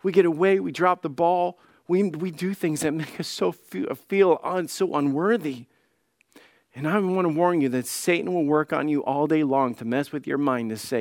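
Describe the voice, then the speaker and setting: A man's voice: a little high, normal speed, dry recording. Impassioned male pastor, dry close sound. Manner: impassioned preaching that swings between soft pleading and loud declaration; acts out quoted voices in his telling. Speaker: lead pastor. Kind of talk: sermon.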